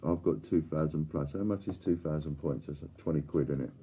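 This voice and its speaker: A man's voice: a bass voice, brisk, slightly rough, dull audio. An older man hosting a live stream, chatting and bantering with viewers and reading out their comments. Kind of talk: casual chat to live viewers.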